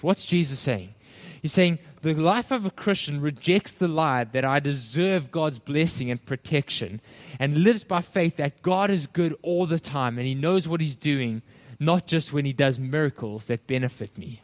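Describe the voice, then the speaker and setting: Animated preaching man, fairly high voice. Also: normal speed. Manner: addresses listeners as friends. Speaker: pastor. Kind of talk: sermon.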